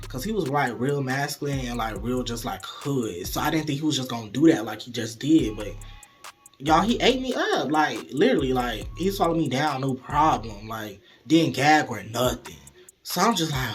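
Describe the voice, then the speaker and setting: A young man telling a casual storytime, animated and profane, acting out the dialogue as he goes. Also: a little high, normal speed, soft background music.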